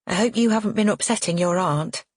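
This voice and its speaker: A woman's voice: mid-range voice, fairly quick, no echo, clean studio sound, close to an everyday voice. A woman voicing a cold, polished sister-in-law with a cutting manner in an audiobook. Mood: icy.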